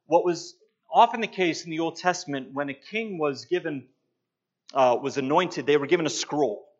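Pastor guy preaching slow and emphatic, kinda muffled recording. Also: a little high. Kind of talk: sermon. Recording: dull lo-fi sound.

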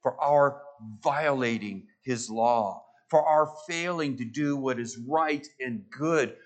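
A man's voice: fairly high pitch, fairly bright tone. A man preaching a sermon, emphatic, swelling and dropping his voice and repeating phrases for stress. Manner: emphatic, rising and falling for stress.

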